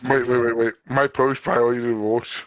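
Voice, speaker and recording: A man co-hosting a casual podcast, cutting in with quick joking remarks. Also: medium pitch, little pitch movement, dry recording, lo-fi sound. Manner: quick interjecting banter. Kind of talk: casual live podcast chat.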